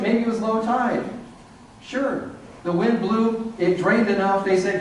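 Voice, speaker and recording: A man's voice: high voice, normal speed, slight background noise. A man giving a humorous, sarcastic lecture to an audience. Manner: sarcastic, animated. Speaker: speaker giving a talk to an audience. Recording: echoey hall, distant mic.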